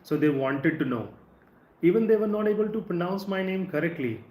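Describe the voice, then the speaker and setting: A man with an Indian English accent teaching English in a live stream, speaking conversationally and drawing out words slowly to show word stress. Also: high-pitched, lively intonation, darkish tone. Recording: echoey room with faint ambient noise.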